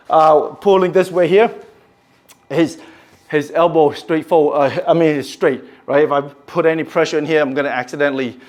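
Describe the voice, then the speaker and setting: Male martial arts instructor, slightly high voice, explains moves step by step, adds strike noises. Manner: instructive, checks in with "okay?", sound effects for strikes. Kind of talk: demonstrating kata applications.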